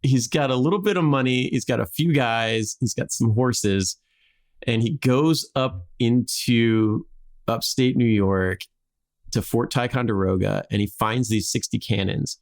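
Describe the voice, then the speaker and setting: A man's voice: medium pitch, a little slow. A man hosting a podcast, telling a history story casually with lots of "like" and jokey acted-out quotes.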